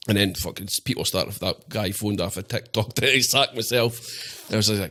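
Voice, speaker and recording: Scottish male podcast guest, rapid, sweary, anecdote-heavy, acts out quoted voices. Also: lowish voice, fairly bright tone. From Scotland. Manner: swears freely, tells stories acting out quoted voices. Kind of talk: casual chat.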